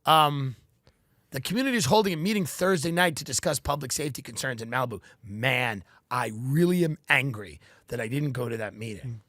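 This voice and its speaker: A man hosting a comedy podcast, riffing through an animated monologue and acting out imagined speeches. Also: medium pitch, a little fast, dry recording, clean studio sound. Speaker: podcast host.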